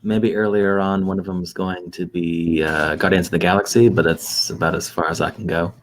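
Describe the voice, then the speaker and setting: A man's voice: sits low, fairly even intonation, a little fast. A man appearing as a guest on a casual podcast, speaking hesitantly and thoughtfully with many fillers.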